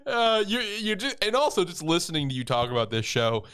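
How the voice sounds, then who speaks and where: Male podcast co-host, smooth clear voice with lively pitch, laid-back and joking. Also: brisk. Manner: laid-back, joking reactions, says "dude" and "man". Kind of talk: casual anime podcast chat.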